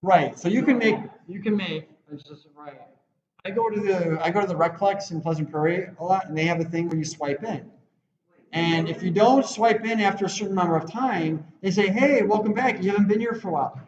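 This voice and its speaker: A man's voice: high-pitched, normal speed, darkish tone. A man teaching a web design class in a rambling, conversational way, often acting out quoted lines. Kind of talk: classroom lecture. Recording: roomy, slightly dull classroom recording.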